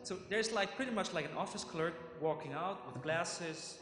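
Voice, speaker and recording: A man with a high voice narrates as game master, animated and full of fillers. He is heard in a roomy conference hall with long reverb. Music plays clearly behind him. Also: moderate pace.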